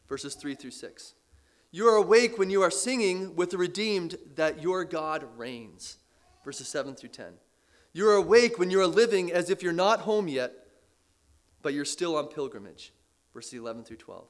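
A man preaching a sermon with earnest emphasis, repeating key phrases and letting his voice drop low at the ends of lines, with the odd light laugh. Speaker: pastor.

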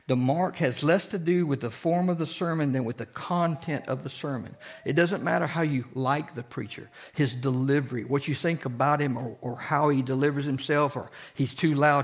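A man, a pastor teaching a sermon in a conversational way and often asking the congregation questions. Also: medium pitch.

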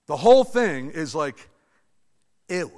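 Male pastor, high voice, chatty animated preaching, big reverberant church. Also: slow pace. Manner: animated, conversational preaching with asides to the congregation. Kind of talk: sermon. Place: church sanctuary. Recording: long reverb of a large hall.

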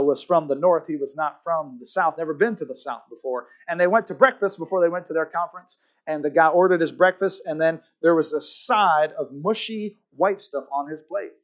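A man's voice: on the high side, lo-fi sound. A man preaching a sermon as a pastor, emphatic and often asking his listeners "Amen?". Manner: emphatic, asks the congregation "Amen?".

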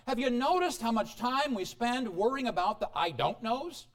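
A man preaching a sermon as pastor, animated, swinging between loud exclamations and quiet asides. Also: very high voice, normal speed. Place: church.

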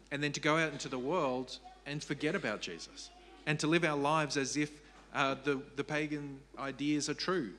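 A man's voice: medium pitch, normal speed, a bit bright. A man preaching a sermon as pastor, earnest and repeating key phrases for emphasis.

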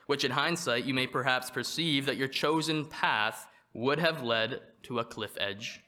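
A man preaching a sermon, reading from a prepared text in a measured way and slowing down to stress quoted verses. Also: medium pitch, sharp tone. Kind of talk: read sermon.

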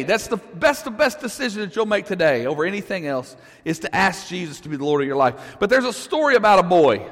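A man with a high voice preaches to his congregation, and his voice rings out with the long reverb of a church hall. He tells his story casually, asks the room questions and chuckles along the way. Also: a bit bright. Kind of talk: sermon storytelling.

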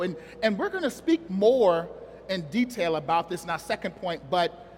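Man, preacher, very high voice, casual joking sermon, long hall reverb. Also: slight background noise. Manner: conversational, joking, asks the congregation questions.

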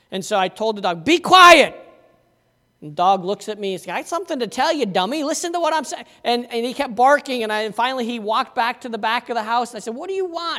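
A pastor with a high, fairly bright voice preaches a conversational sermon, telling stories in a folksy way. The recording carries a long hall reverb.

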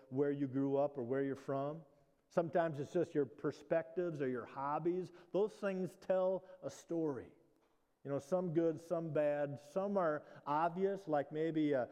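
A male pastor from the Midwest preaches in a relaxed, conversational way, often restarting his phrases. His voice is dark and mellow, and a long reverb trails each line in the church hall. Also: medium pitch, smooth. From Midwestern United States. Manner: conversational, with frequent restarts and "you know". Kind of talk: sermon.

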